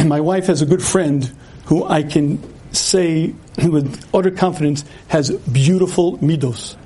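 A man with a high, mellow voice gives a religious lecture, telling stories and acting out each side of the dialogue. He clears his throat often as he talks, and his delivery stays lively and conversational. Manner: animated storyteller acting out dialogue. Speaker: rabbi giving a lecture. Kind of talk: storytelling lecture.

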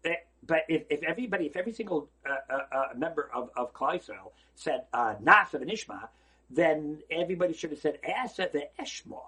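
A rabbi gives a holiday Torah lecture in an emphatic, preacherly style, posing rhetorical questions and alternating between loud exclamations and quiet asides. His voice is husky and on the high side, animated, and a little fast.

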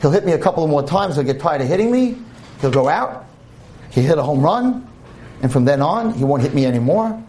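A patient, self-sacrificing mother speaks calmly and with resignation, voiced by a man telling a story. The voice stays close to the storyteller's own, with some lively swings in pitch. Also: fairly quick. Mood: resigned. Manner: calm and resigned.

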